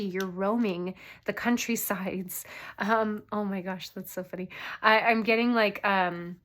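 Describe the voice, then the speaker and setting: A woman's voice: mid-range voice, fairly bright tone. Young female tarot reader, casual and earnest, rambling with restarts. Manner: chatty, earnest, many fillers and restarts. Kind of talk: casual tarot reading to viewers.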